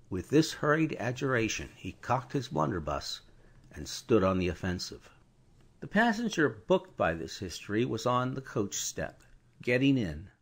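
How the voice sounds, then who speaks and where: A man giving a scripted, expressive audiobook narration. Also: mid-range voice, slightly rough. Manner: expressive storytelling.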